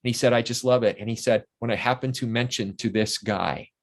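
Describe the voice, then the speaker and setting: A man's voice: medium pitch, fairly quick, vocal fry. An older man, a guest in a casual interview, telling long, enthusiastic anecdotes full of restarts.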